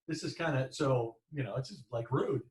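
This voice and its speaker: A man co-hosting a podcast over a video call, joking and reacting quickly to his partner. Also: mid-range voice, expressive, roomy sound, crowd noise. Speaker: podcast co-host.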